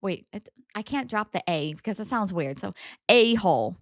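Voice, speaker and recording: A woman co-hosting a casual story-discussion podcast with her partner, chatty and animated, laughing often. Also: medium pitch, normal speed, very noisy. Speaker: co-host reading Reddit stories.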